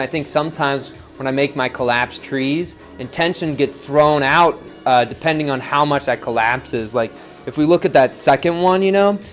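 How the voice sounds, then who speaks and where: Laid-back man teaching pottery live. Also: medium pitch. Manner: relaxed, chatty, reads viewer comments, counts aloud softly. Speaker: potter demonstrating on the wheel. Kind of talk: live-streamed pottery demo, casual teaching. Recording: faint music in background.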